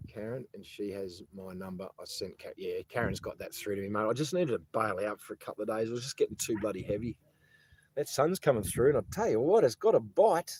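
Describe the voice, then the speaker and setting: A man's voice: lowish voice, fairly quick, a little mellow, husky, poor audio. An Australian man live-streaming outdoors on his phone, rambling in casual chat, repeating words and greeting viewers by name. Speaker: live streamer and protest organiser. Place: outdoors on a sunny day.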